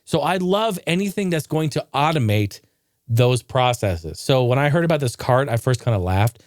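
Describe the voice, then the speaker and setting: A man's voice: medium pitch, moderate pace, no room sound, studio quality. A man hosting a podcast, talking in a casual, profane rant. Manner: profane, ranting, animated. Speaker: podcast host. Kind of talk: casual ranting monologue.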